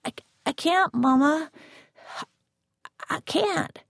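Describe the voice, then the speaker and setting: A terrified little girl stammering and pleading in a thin, high voice, played by a woman reading an audiobook. Her words catch and repeat, with a slight gravelly grain, recorded close and dry. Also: animated, extremely slow, dry recording, heavily acted. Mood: scared. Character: frightened shy little girl.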